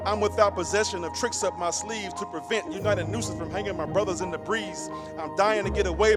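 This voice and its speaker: A man performing his spoken word poem in a rhythmic delivery that rises into a half-sung chant. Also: sits high.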